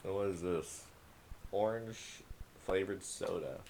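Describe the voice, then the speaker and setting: A man's voice: slow pace, gravelly, a little mellow, slight background noise. A man playing a game and casually commenting, muttering and reading notes aloud. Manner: mutters, reads documents aloud in a low murmur. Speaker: let's play gamer.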